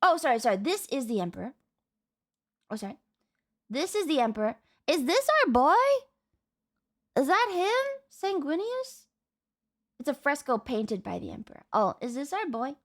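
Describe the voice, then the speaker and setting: Excitable young woman streamer, high voice. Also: normal speed, pauses often. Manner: excitable, swears, thinks aloud. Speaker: streamer reacting to a video. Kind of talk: casual live reaction.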